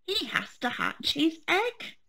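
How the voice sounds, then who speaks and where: A woman voicing a playful little girl rabbit in a storybook, quick and high. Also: sing-song, gravelly, pushed and bright, heavily acted.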